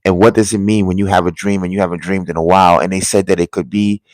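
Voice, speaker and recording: A man's voice: sits low, little pitch movement, dry recording. Earnest man recounting a dream, dry sound. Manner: earnest, halting, drops to a hushed voice at tense moments. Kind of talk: casual storytelling to viewers.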